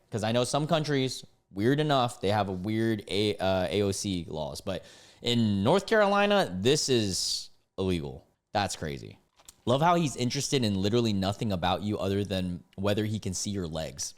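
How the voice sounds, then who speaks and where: A man, reading chat screenshots aloud and mocking them in casual reaction commentary, often breaking into loud disbelief. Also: lowish voice. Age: 20s. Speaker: content creator reacting to screenshots.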